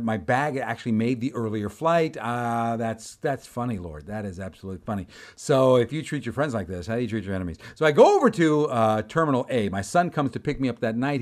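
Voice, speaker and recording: A middle-aged man, a preacher, telling a dramatic, exasperated story in a storytelling sermon. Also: medium pitch.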